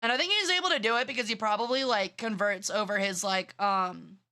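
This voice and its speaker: Bright-voiced, bratty young woman streamer. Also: mid-range voice, a little fast. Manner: bratty, swears freely, rambling with many fillers. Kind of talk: casual live-stream chat.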